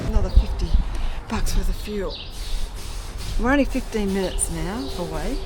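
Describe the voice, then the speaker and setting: A woman's voice: medium pitch, animated, moderate pace. An Australian woman vlogging casually to camera from her motorbike, chatty, blunt and wry. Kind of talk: casual chat to camera while riding. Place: on a motorbike on open roads outdoors. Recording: loud road and wind noise on a riding mic.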